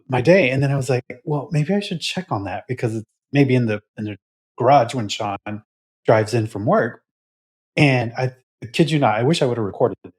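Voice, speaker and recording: A man's voice: medium pitch, a little mellow, slightly rough. A man co-hosting a podcast, who tells chatty anecdotes in casual conversation and laughs along the way. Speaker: podcast co-host. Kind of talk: casual chat.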